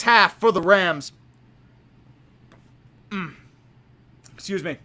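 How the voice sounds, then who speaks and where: Excitable high-voiced man commentating football. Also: a little slow. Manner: excitable, profane, shouts on big plays. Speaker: livestream commentator. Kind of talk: amateur play-by-play commentary.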